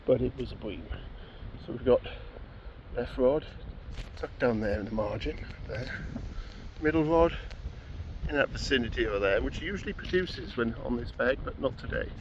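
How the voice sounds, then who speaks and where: A chatty angler rambles easily through his fishing session, with a mid-range voice whose pitch moves a lot. He is recorded outdoors by a pool, and a clear hiss of wind and open air sits behind him. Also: a little mellow, dull audio. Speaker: angler vlogger. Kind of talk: casual fishing vlog.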